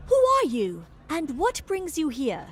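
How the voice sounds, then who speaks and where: A woman's voice: high voice, huge pitch swings, measured pace, heavily acted. An actress playing a prim, etiquette-obsessed noble lady in a video game, fussy and affected.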